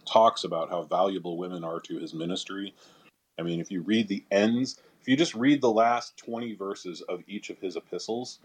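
A man co-hosting a podcast, explaining Bible passages in a measured, casual way. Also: low voice. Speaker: podcast co-host answering Bible questions.

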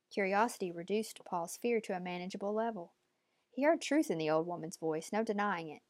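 A woman narrating an audiobook at a measured, steady pace. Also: mid-range voice, dry recording.

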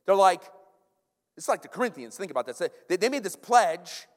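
Animated pastor in an echoing hall. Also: male voice, high-pitched, normal speed. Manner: animated, stumbling restarts and repeated words. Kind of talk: sermon. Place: church sanctuary. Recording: long church hall reverb.

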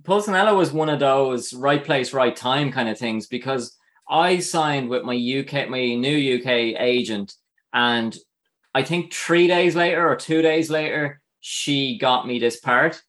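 A man's voice: mid-range voice, measured pace, a bit bright. An Irish man, an actor, chatting as a guest in an interview, full of fillers and easy laughter. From Ireland. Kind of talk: casual interview chat.

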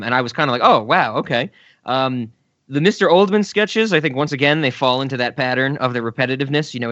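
A man's voice: medium pitch, a bit bright, no room sound. Guy cohosting a podcast, laughs a lot, does the voices, kinda dull dry sound. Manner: laughs a lot, acts out quotes. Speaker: podcast co-host. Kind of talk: casual chat.

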